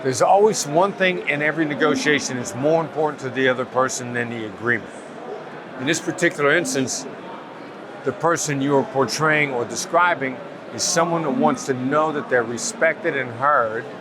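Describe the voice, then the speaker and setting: A man being interviewed as a negotiation expert, explaining in a calm, measured, patient way. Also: mid-range voice, noisy background. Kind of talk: interview answers. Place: outdoors at a summit event.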